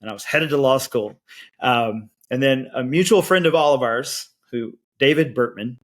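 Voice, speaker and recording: A man in his forties from Georgia tells lively stories on a podcast, acting out the other people in them. His pitch sits in a middle range for a man. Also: moderate pace. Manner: lively anecdotes with acted quotes. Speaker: podcast guest, band educator. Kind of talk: storytelling interview chat.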